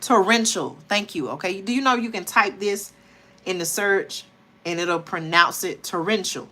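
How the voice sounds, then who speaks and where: A woman hosts a late-night livestream, tired but chatty, often addressing viewers as "y'all" in casual talk. Her voice is on the low side, pushed and bright, at a normal speed.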